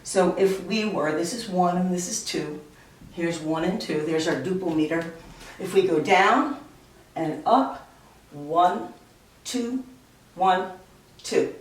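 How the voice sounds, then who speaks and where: A woman teaching a music lesson beside a piano, explaining slowly and counting beats aloud. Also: lowish voice, recorded from a distance. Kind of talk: recorded classroom lesson. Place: room with a piano. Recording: very echoey room, voice away from mic.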